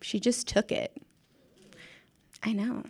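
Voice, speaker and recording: A young woman who used to be a schoolteacher tells a story casually, chatty and self-deprecating, laughing often and mimicking the voices of the people involved. Her voice is fairly high with little pitch movement, slow, a little mellow, and slightly rough.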